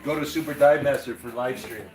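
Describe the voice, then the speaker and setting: A man's voice: medium pitch, steady tone, fairly quick, a little mellow, distant mic. A man co-hosting a casual live stream, playful and laughing, slipping into Italian phrases as he tells stories. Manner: playful, laughing storyteller who drops into Italian. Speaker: co-host, friend. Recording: roomy echo, a bit off mic, music behind.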